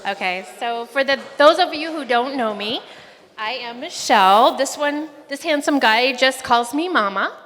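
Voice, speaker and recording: A woman's voice: high-pitched, animated, moderate pace, fairly bright tone, slight background noise. A middle-aged woman, mother of the groom, giving an emotional, rambling wedding speech with a family story. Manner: emotional, rambling, fighting back tears. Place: wedding reception hall. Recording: long hall reverb.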